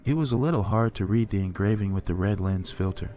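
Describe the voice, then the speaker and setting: A man with a lowish voice narrates a horror story in the first person. His delivery is steady and measured.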